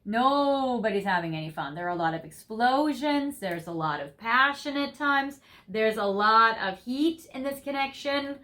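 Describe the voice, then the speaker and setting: A woman's voice: a little high, lively intonation, unhurried, few pauses, pushed and bright. Gushing young woman reading tarot cards. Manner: gushing, effusive, laughs often. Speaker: tarot reader. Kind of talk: pick-a-card tarot reading to viewers.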